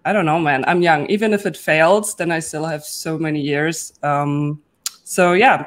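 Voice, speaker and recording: A young woman, a guest entrepreneur, telling her story in a casual, chatty way with many fillers. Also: sits low. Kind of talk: casual panel chat.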